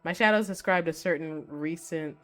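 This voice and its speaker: Formal male shadow monster, condescending, measured, low voice, read by a woman, faint music. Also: a bit bright. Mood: aloof.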